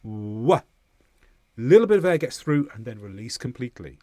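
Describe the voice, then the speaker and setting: A man from southern England with a Southern English accent, teaching English pronunciation and exaggerating each sound slowly as he demonstrates it. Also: mid-range voice, big pitch swings, dark tone, no room sound, studio quality. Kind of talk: pronunciation lesson.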